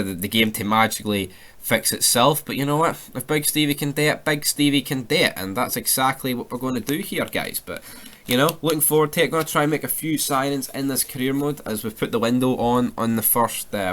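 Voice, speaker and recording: A man's voice: medium pitch, fairly quick, a bit bright. A young Scottish man giving sweary, ranting casual commentary over a football video game career mode. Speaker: gaming YouTuber.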